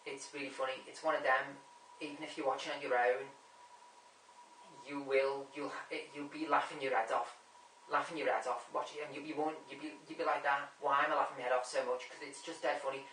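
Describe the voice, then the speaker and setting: A man talks through his film picks in a loose, rambling way, circling back and repeating himself whenever a name escapes him. His voice is bright and carries a sharp edge, but it stays fairly flat in pitch. It is recorded from a distance in an echoey room. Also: brisk, slight background noise. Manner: rambling, keeps losing names and repeating himself. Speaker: movie vlogger ranking a top ten. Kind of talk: casual rambling film chat. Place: room at home.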